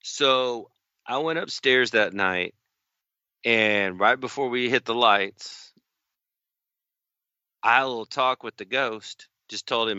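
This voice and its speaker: A man casually telling a long story on a podcast, unhurried and folksy, acting out the other people in it. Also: on the low side, bright, forceful tone, clean tone, dry recording. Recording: dull, slightly lo-fi dry studio sound.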